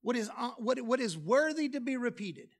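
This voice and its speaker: Male pastor, high-pitched voice, animated sermon delivery, jokey asides, sudden soft low drops. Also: normal speed. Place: church sanctuary.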